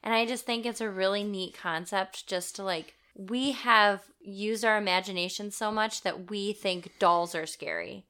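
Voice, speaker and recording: A young woman chats casually as a podcast co-host, giggling and peppering her sentences with "like". Her voice sits at an ordinary middle pitch for a woman, and her delivery stays loose and conversational. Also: steady tone, unhurried, few pauses, bright, forceful tone, clean tone. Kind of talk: casual chat.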